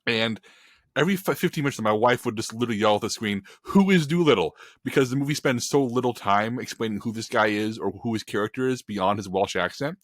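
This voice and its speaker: A man on a film podcast panel, ranting in an animated, emphatic and opinionated way in casual chat. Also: on the low side, quick pace, no echo, clean studio sound.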